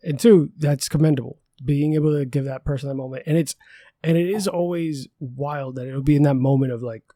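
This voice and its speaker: An upbeat podcast host, a man with a slightly higher voice, encouraging his guest. The sound is close and dry. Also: fairly even intonation, brisk, dark tone, no room sound. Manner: upbeat, encouraging, laughs often. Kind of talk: casual podcast interview.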